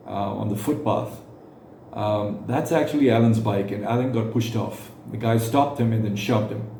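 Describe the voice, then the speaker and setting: A man giving reaction commentary, speaking haltingly with frequent fillers and restarts. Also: on the low side, creaky, dark tone, reverberant, a little hiss or hum.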